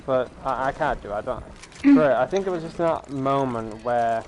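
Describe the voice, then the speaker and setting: A male gaming streamer talks loosely over his play through a headset mic, circling back on himself with plenty of fillers and restarts. His voice sits at an ordinary middle pitch, with a faint hiss underneath. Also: lively intonation, moderate pace. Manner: rambling, lots of fillers and restarts. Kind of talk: casual chat over gameplay.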